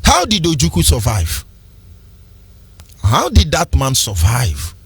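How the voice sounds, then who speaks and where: A man's voice: mid-range voice, wildly swooping pitch, slow, breathy edge, no room sound. A man with a Nigerian accent hosting a fiery political radio commentary, ranting in an impassioned, preachy sing-song. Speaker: radio host.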